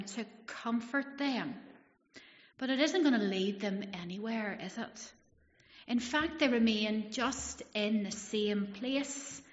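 Woman preaching in an echoey hall. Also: on the high side. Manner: conversational, acts out the people's thoughts. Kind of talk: sermon. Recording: dull echoey hall, long reverb.

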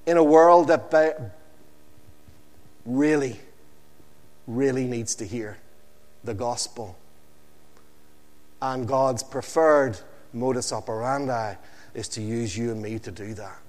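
A man preaching an evening sermon, slow and emphatic, with dramatic pauses and phrases that sink low and quiet at the end. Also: long reverb tail.

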